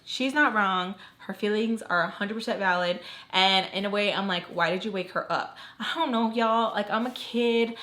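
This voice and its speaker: A woman's voice: medium pitch, normal speed, sharp tone. A young woman tells a personal story on her vlog while doing her makeup. She talks in a loose, chatty way and leans on "like" constantly. She slips into the voices of the people in the story. Her voice sits in an ordinary middle range. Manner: chatty, heavy use of "like", acts out quoted lines. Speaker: storytime vlogger.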